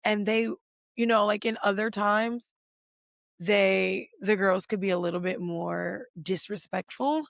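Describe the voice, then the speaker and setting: A woman host recaps reality TV in loose, profane, emphatic chat, with plenty of "like" fillers. Her voice has a gravelly, vocal-fry edge. The recording is dry and close, with no room sound. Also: medium pitch, unhurried, no echo. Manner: emphatic, heavy swearing, lots of "like" fillers; fired up, rising loud when indignant. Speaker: podcast host.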